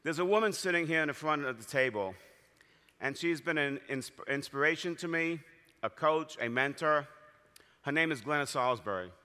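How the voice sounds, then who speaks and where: Bright-voiced man giving a keynote speech. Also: fairly high pitch, animated, moderate pace, clean tone. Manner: storytelling, heartfelt. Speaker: speakers association president. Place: large convention hall. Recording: long hall reverb.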